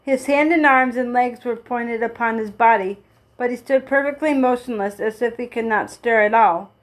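A woman reads a children's storybook aloud in a fairly high voice. She keeps a steady, plain narrating pace and stumbles now and then before going on. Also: normal speed, rough recording. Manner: steady reading with small slips and restarts. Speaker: reader.

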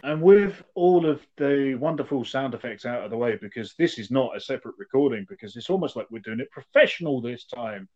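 A man's voice: medium pitch, lively intonation, a little fast, hardly any pauses, dark tone, muffled recording. A man co-hosting a podcast, making playful mock-formal segues in casual chat. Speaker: podcast co-host.

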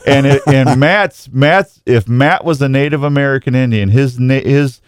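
Chatty, clear-voiced male show host. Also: medium pitch, normal speed, dry recording, studio quality. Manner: jokey, rambling, often stumbles over words. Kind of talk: live talk show with listener shout-outs.

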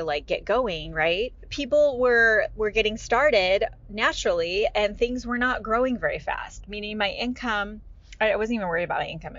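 A woman hosts a podcast and talks straight to her listeners in a chatty, animated monologue. Her voice sits at an ordinary middle pitch. The recording sounds a little dull. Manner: animated, chatty storytelling with lots of fillers. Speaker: podcast host. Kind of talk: casual monologue.

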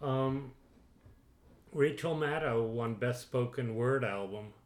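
A man's voice: mid-range voice, slow pace. A man co-hosting a casual family podcast, reading out award results in a rambling way. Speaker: podcast co-host. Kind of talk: casual chat. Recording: roomy echo.

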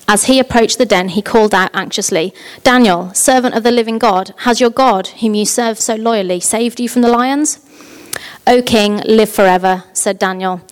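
Woman reading scripture aloud. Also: medium pitch. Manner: steady, expressive reading with small slips. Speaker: scripture reader.

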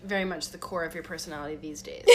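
A woman co-hosting a podcast, reacting with laughs and then wrapping up the episode in casual chat. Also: slight background noise. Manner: warm reactive listener, laughs easily, lively pitch. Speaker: podcast co-host.

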